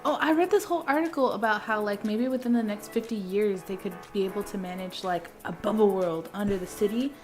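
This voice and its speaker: A female podcast co-host talks in a casual, easygoing way and agrees readily. Her voice sits at a middle pitch for a woman. Faint music runs underneath. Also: fairly quick, few pauses, darkish tone. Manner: casual, agreeable, laughs easily. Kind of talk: casual chat on a live-streamed podcast.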